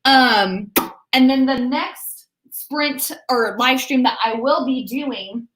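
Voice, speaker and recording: A woman's voice: on the high side, a bit bright. A young woman hosting a writing livestream, chatting casually and bubbly with viewers. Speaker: writing channel host. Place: home room. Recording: echoey room.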